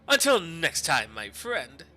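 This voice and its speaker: A man voicing a jolly, heavyset man with a hearty, slow, grand way of talking. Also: fairly high pitch, huge pitch swings, noisy background, full character voice. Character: jolly heavyset German man, jowly and amused.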